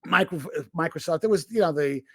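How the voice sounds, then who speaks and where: A man hosting a tech podcast in casual chat, talking in an animated way with lots of fillers and restarts. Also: on the high side, quick pace, vocal fry, dry recording. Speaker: podcast host and tech analyst. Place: remote recording.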